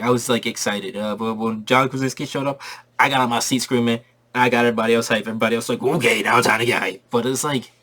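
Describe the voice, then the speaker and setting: A man giving a casual spoiler review of a movie, excitable and slangy, repeating his points for emphasis. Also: medium pitch.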